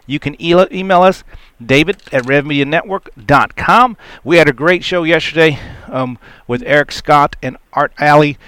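A man hosting a Christian radio talk show, upbeat and quick to laugh. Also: a little high, a bit bright, clean tone, no room sound. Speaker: radio host.

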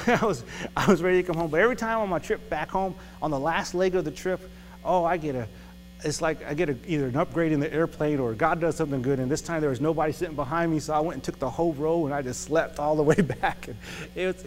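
A man preaching a casual testimony sermon, often laughing as he tells a story. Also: a little high. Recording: reverberant hall with music.

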